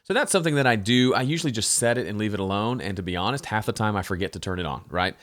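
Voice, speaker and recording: A man with a fairly low voice walks through a mixing session in a casual, relaxed way. He trails into fillers and repeats himself as he thinks aloud. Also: rapid-fire. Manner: relaxed, chatty, with frequent fillers and restarts. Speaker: host.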